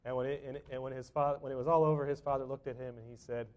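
A man's voice: mid-range voice, steady tone, quick pace, a little mellow. A middle-aged man preaching a sermon in a church, talking in a conversational way with frequent restarts and fillers. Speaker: pastor. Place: church sanctuary.

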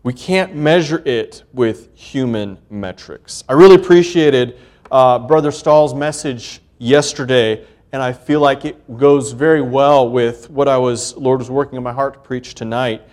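A man's voice: medium pitch, unhurried, darkish tone. A man preaching a sermon earnestly, building emphasis on key points and reading scripture aloud in old-fashioned wording. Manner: reads scripture aloud in King James wording.

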